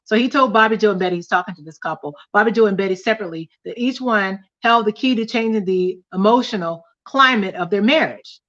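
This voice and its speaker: A woman's voice: mid-range voice, fast talker, hardly any pauses, fairly bright tone, highs cut off. A woman hosting a casual livestream study, teaching and reading aloud from a book, often repeating key points. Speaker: host of a couples study livestream.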